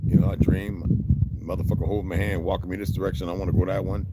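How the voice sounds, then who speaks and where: An older man talks in a low voice in a rambling, preachy monologue. He is blunt and profane, and he is recorded outdoors. Loud background noise runs under his words. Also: level tone, fast. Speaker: vlogger.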